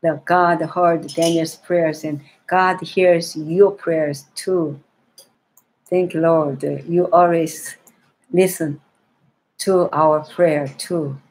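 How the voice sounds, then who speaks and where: Slow, breathy woman reading to children. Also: sits low, steady tone, rough recording. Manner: gentle reading with frequent restarts and repeated phrases. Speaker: children's Bible storyteller. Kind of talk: reading a children's Bible story aloud.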